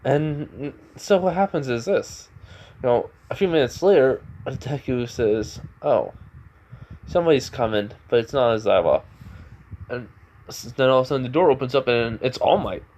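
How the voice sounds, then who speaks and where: A man tells a fan story in a loose, rambling way, circling back and restarting his sentences often. His voice sits at an ordinary middle pitch, and the telling feels offhand and unscripted. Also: normal speed, darkish tone. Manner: rambling, full of fillers and restarts. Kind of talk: casual retelling of a fan story.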